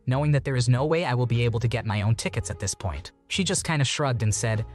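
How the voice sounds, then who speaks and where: A man reading online posts aloud in an even, steady voice and adding short comments of his own. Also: mid-range voice, fast, hardly any pauses, soft background music.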